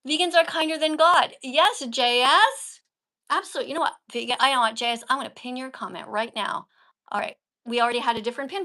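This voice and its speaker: Woman livestream host, high and bright, coaching tone, punches key words. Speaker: livestream host and vegan teacher. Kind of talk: casual livestream chat.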